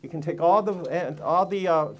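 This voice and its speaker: A man's voice: a little high, a little fast. Emphatic man preaching to a seminar crowd. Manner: emphatic, preachy, fires rhetorical questions at the crowd. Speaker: health seminar speaker. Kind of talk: live seminar talk to an audience. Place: room with a live audience.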